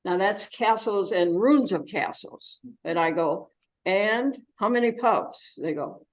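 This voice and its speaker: A woman's voice: medium pitch, lively intonation, measured pace, low-quality recording. An older woman giving an informal travel slide talk, chatty and full of fillers and restarts. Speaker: travelogue presenter.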